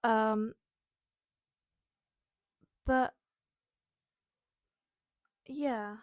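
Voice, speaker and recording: A woman's voice: on the high side, fairly even intonation, extremely slow, no echo. Rambling young woman, close and dry. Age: young adult. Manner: rambling, many fillers. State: emotional, near tears. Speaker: podcast host. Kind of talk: casual personal podcast monologue.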